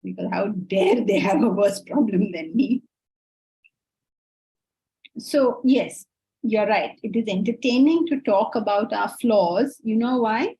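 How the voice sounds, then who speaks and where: A woman teaching a Vedanta class in a lively, conversational way, often asking her students rhetorical questions. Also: medium pitch, takes it slowly, slightly rough. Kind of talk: online class lecture. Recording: muffled lo-fi audio.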